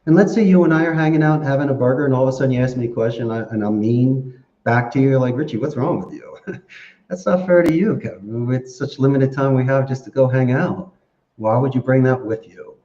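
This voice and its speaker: A man giving animated, story-filled interview answers and laughing often. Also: medium pitch, fairly quick. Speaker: podcast guest. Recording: echoey, dull lo-fi sound.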